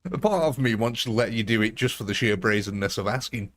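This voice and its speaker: A man's voice: lowish voice, lively intonation, brisk, a bit bright. A man hosting a live game stream in a casual, chatty, jokey way, laughing often.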